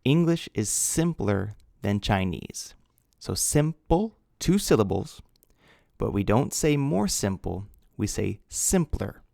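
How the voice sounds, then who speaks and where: A man's voice: lowish voice, big pitch swings, slow pace, vocal fry, warm tone, no room sound, clean studio sound. A man teaching English grammar, patiently spelling out words letter by letter. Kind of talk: slow grammar lesson.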